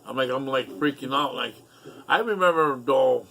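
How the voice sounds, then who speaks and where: A man's voice: mid-range voice, moderate pace, gravelly, fairly bright tone. A middle-aged man telling a rambling personal story in a casual, profane, aggrieved way.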